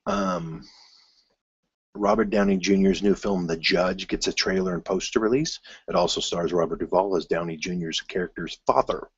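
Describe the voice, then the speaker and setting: Deep-voiced man chatting about film news. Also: normal speed, husky, dry recording, dull audio. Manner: rambling, with many fillers and restarts; bursts of excitement at news items. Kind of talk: casual solo film news commentary.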